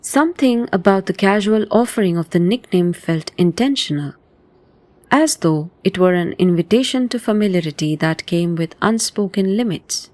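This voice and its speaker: Measured woman narrating a thriller. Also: mid-range voice, expressive, darkish tone, no room sound. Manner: measured, descriptive. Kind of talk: scripted audio drama narration.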